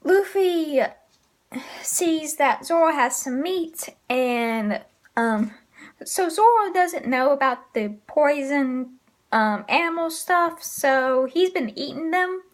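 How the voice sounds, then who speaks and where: High-voiced woman recapping slowly. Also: expressive. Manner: hesitant, frequent filler pauses. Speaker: manga reviewer. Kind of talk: casual chapter recap.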